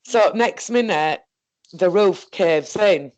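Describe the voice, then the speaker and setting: A woman with a Northern English accent telling a personal story in a halting, rambling way, correcting herself and restarting as she goes. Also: fairly low pitch, expressive, darkish tone. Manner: halting, self-correcting, full of fillers and restarts. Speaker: guest recounting a paranormal experience.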